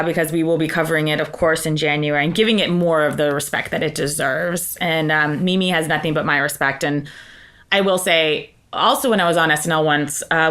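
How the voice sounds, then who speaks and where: A woman with a fairly low voice talks through gossipy stories as a podcast co-host. Her chat is loose and casual, full of "like" and asides. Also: a bit bright.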